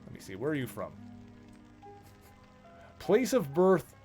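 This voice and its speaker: A man's voice: a little high, huge pitch swings, slow pace, darkish tone, faint music behind. Man chatting his way through a game. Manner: thinks aloud, chatty, rambling. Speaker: streamer. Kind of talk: casual gameplay commentary.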